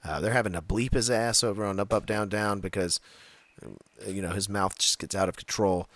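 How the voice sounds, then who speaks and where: A man's voice: on the low side, fairly quick, fairly bright tone, no room sound. A man co-hosting a casual wrestling podcast, rambling with many fillers and frequent laughs. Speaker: podcast co-host.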